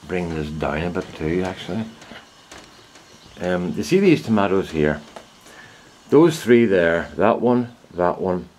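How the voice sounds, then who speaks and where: A man's voice: sits low, darkish tone. A middle-aged man, chatting in a rambling, anecdotal way as he films himself outdoors in his garden. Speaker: gardening vlogger. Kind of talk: casual anecdotal vlog. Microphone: handheld camera he films himself with.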